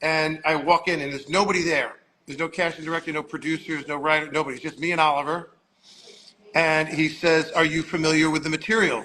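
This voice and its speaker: A man's voice: on the high side, flat delivery, fairly quick, pushed and bright, a little hiss or hum, low-quality recording. A man of about sixty telling long, rambling anecdotes and acting out the voices of people he quotes, speaking in an agency office. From Long Island, New York. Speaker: guest storyteller.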